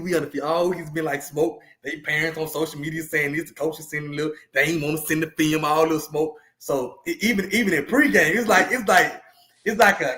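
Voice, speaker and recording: A man, a podcast co-host and youth football coach, telling a story in animated, casual talk with lots of repeated words. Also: sits high.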